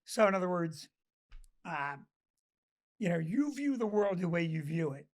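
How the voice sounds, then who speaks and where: A man's voice: high-pitched, big pitch swings, normal speed. An older man co-hosting a casual talk show, telling stories in a blunt, joking way. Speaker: co-host. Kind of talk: casual chat.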